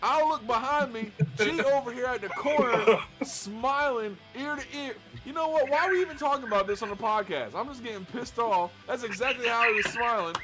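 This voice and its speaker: High-voiced man telling a rowdy story. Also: fairly quick, hardly any pauses, over music. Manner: animated, profane, storytelling with quoted voices. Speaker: podcast co-host. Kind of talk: casual storytelling chat.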